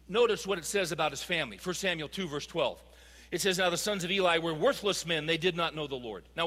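A man delivers a sermon in a bright, ringing voice that sits high for a man. He speaks emphatically and keeps asking the congregation questions. His words carry a long reverb, as in a large hall. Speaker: pastor.

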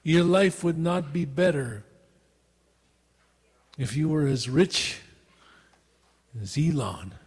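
A man's voice: on the high side, takes it slowly, long pauses, darkish tone, slightly rough. A man preaching a sermon with earnest, repeated rhetorical questions, in a church hall. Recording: long reverb of a hall.

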